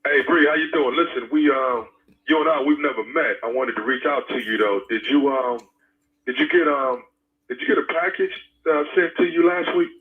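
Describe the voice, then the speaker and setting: A radio prank caller with a brisk, somewhat high male voice makes a prank phone call, stammering, hesitating and coaxing. The audio has a tinny phone-line quality.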